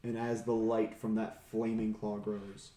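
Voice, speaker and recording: A man narrating as game master of a tabletop game, slow and dramatic with an ominous edge. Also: fairly low pitch, little pitch movement, mellow, roomy sound.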